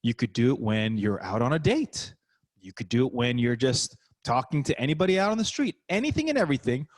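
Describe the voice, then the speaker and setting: An energetic middle-aged man talks over a video call, swinging his voice up and down all the time. He is a basketball coach giving a punchy motivational talk about networking. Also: mid-range voice, brisk.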